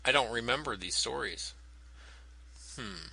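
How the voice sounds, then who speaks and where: A man's voice: medium pitch, a little slow, vocal fry, crowd noise, poor audio. A man co-hosting a podcast, wry and hesitant with lots of ums. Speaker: podcast co-host. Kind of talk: casual chat.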